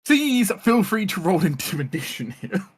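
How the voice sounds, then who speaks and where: A man narrating a tabletop role-playing game as game master, describing scenes in a relaxed way. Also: sits high, moderate pace, slightly rough.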